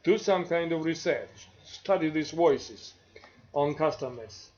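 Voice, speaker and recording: Slow-spoken Georgian-accented male professor. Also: on the high side, darkish tone, dull audio. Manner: slow, deliberate, with frequent pauses and fillers. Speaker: marketing professor. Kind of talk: university lecture.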